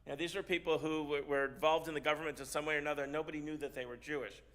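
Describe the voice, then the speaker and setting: Bright-voiced man telling a story. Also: a little high. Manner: halting, repeats words often, animated. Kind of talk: storytelling sermon. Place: synagogue service.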